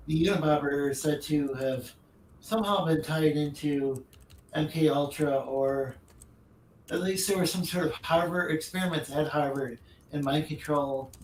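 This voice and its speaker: A man co-hosting a podcast, talking casually and hesitantly, searching for his words. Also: medium pitch. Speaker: podcast co-host. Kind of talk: casual chat. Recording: roomy distant mic with faint noise.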